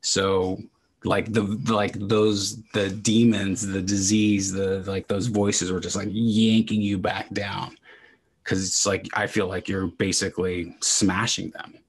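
A man hosting a relaxed interview, his voice very deep with a gravelly, husky edge. He rambles through his thoughts with plenty of fillers and stays encouraging toward his guest. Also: slow pace. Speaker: podcast host. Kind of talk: casual interview chat.

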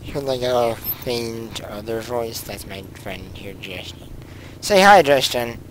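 Young man, slow, casual, rambling, lots of ums, hiccups, light background hiss. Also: medium pitch, lively intonation. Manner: rambling, full of ums and giggly asides. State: has the hiccups. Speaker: gaming channel host. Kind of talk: casual gameplay commentary.

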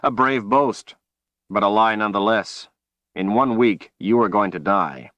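A man's voice: deep voice, animated, normal speed, fairly bright tone, dry recording, lo-fi sound. A man doing a stubborn young hero, blunt. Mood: defiant. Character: defiant young male woodsman hero, stubborn and angry. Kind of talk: audiobook character voice.

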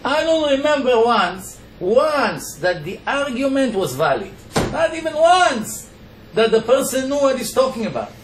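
High-voiced Israeli rabbi lecturing. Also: male voice, sing-song, a little slow. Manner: emphatic, rhetorical questions answered himself. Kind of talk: Torah lecture to a congregation. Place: lecture hall. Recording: echoey hall with faint background noise.

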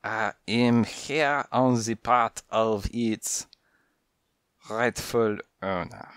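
A man's voice: on the low side, drawn-out words, fairly bright tone, smooth, no echo, studio quality. A man voicing an elegant, well-bred grey male cat who speaks politely and formally with a French accent, in an audiobook. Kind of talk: audiobook character voice.

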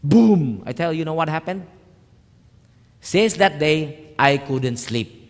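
A man, a pastor telling a personal story in a sermon, swinging from hushed lines to loud emphatic ones. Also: fairly high pitch, a little slow. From Philippines. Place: church hall. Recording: reverberant church hall.

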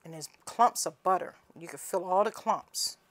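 A woman's voice: fairly low pitch, normal speed. Folksy Southern woman teaching home cooking. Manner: folksy, chatty, calls viewers honey and cousins. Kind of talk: casual cooking demonstration.

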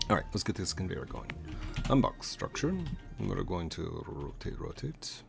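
A man streaming a building game, rambling to himself as he builds and greeting viewers in a high squeal. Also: very animated, moderate pace. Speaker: gaming streamer. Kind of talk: casual gameplay chat. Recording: clear background music under voice. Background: background music.

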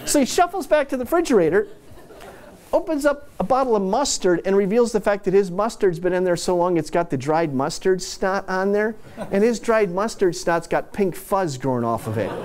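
Male keynote speaker, chatty storyteller, slightly high voice. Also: animated, normal speed, a little mellow. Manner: conversational, anecdotal, self-deprecating asides. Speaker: corporate speaker.

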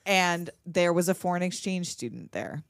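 A woman's voice: fairly low pitch, expressive, normal speed, no echo. A woman in her thirties co-hosting a film podcast in casual chat, swearing freely and laughing as she tells stories. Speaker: podcast co-host.

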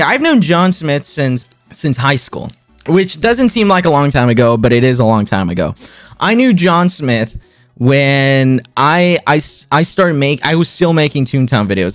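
A young man in his twenties chatting casually to his stream viewers, excitable, swinging his pitch up and down and repeating himself as he retells a story. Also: dry recording.

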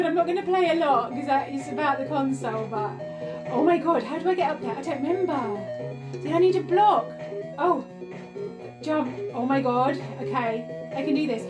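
A woman's voice: high voice, expressive, normal speed, over loud music. A woman vlogging an unboxing and playing a retro game at home, gushing, squealing and laughing often. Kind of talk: excited unboxing and gameplay chat. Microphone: phone.

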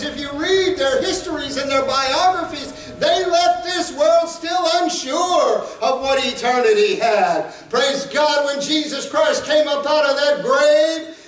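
A man preaching a sermon as pastor, fervent and rising to shouts at times. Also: very high voice, echoey room, recorded from a distance, a little hiss or hum, poor audio.

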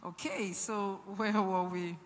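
A woman's voice: medium pitch, fairly even intonation, slow, a little hiss or hum. Woman reading scripture in a hall. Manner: reads Bible passages aloud, interjects short agreements. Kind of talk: scripture reading and affirming responses. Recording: echoey hall.

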